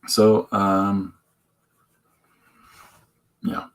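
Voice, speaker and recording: A man's voice: on the low side, completely flat delivery, drawn-out words, clear, resonant tone, rough recording. A man hosting a live stream, chatting loosely and joking while he draws comics. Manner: joking, meandering, lots of restarts. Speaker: host drawing comics on a stream. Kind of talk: rambling live-stream chat while drawing.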